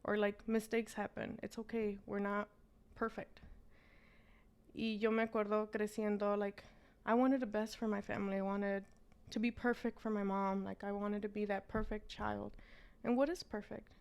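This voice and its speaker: A woman's voice: medium pitch, flat delivery, normal speed, vocal fry, darkish tone, smooth. A woman, a business owner telling her story as an interview guest and switching between English and Spanish.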